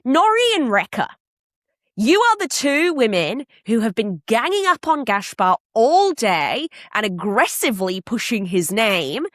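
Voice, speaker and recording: A woman's voice: fairly high pitch, a little slow, no room sound, studio quality. A woman co-hosting a podcast, chatting casually and acting out what people said as she retells a show. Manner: animated storyteller who acts out quotes. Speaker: podcast co-host.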